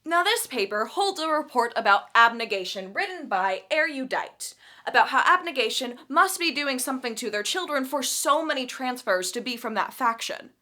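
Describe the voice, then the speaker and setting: A young woman recapping a book with sarcastic, animated asides. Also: sits high.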